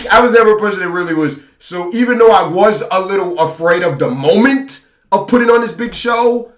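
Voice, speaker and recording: A young man telling a story to his vlog audience in an animated, self-hyping way. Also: a little high. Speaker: vlogger. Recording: roomy echo, distant mic.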